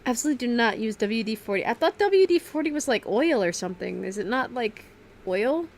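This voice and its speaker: A woman's voice: on the high side, animated, a little fast, slight background noise. A woman streaming in a casual, rambling way, full of fillers and self-corrections, laughing often. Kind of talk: casual livestream chat.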